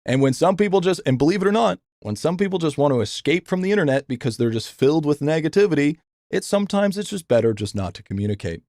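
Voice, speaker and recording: This young man is a fast talker, captured in a dry recording with clean studio sound. Live-streaming a game and reading chat, he rants casually and profanely, stammering, restarting, and repeating himself, with his voice climbing whenever he vents.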